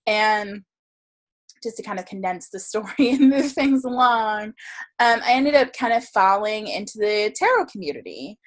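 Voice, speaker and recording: A woman's voice: mid-range voice, lively intonation, normal speed. A woman guest telling a story in a casual interview, chatty and full of fillers, laughing often. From Florida. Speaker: guest, tarot reader and writer.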